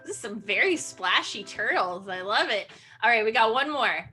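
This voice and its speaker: A woman's voice: a little high, expressive, brisk, hardly any pauses, over music. A woman leading an online children's sing-along, speaking in a playful, encouraging way with gasps and animal noises over a video call.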